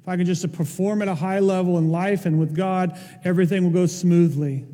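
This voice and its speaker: A man preaching a sermon as pastor, speaking with impassioned emphasis that climbs to forceful peaks. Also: high-pitched, steady tone, fairly quick, long reverb tail.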